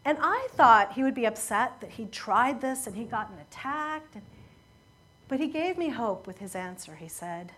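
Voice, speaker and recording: Preaching a sermon, a woman tells a story in an earnest, measured way, often falling quiet at emotional moments. Her voice is fairly high-pitched and animated.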